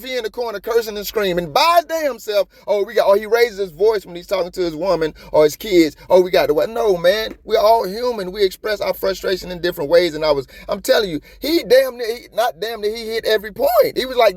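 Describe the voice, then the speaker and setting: A man giving casual, profane commentary on a police video in streetwise slang, animated and talkative. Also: high-pitched, brisk, few pauses, dry recording, clean studio sound. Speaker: copwatch commentator.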